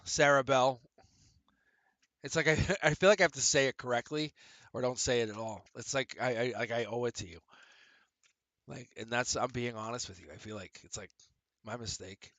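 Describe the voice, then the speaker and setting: A man doing a live-streamed tarot reading, animated and profane, laughing often and acting out little quoted voices. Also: medium pitch, fairly quick, no room sound. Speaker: tarot reader.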